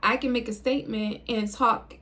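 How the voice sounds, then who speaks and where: This is a young woman's easygoing talk to her viewers, delivered low, calm, and without hurry. The video creator sounds laid-back and reflective.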